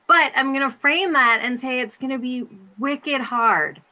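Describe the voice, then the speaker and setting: Brief: bright, frank woman panelist on a video call. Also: high-pitched, unhurried. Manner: frank, animated storytelling. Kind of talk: casual panel discussion.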